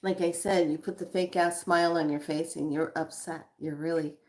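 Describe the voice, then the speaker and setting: A woman giving a guided spiritual card reading, slow and reflective, repeating her questions to the listener. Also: lowish voice, fairly even intonation, a little mellow.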